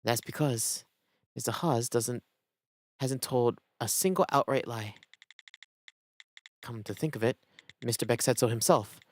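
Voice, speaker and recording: A man voicing a quiet, thoughtful investigator who muses in a low, hushed voice while reading game dialogue aloud. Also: measured pace, long pauses, natural voice. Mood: musing.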